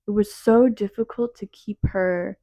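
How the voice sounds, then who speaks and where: A young woman co-hosting a podcast, calmly recounting an experience with soft fillers. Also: medium pitch, measured pace, no room sound. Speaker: podcast co-host. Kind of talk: casual chat.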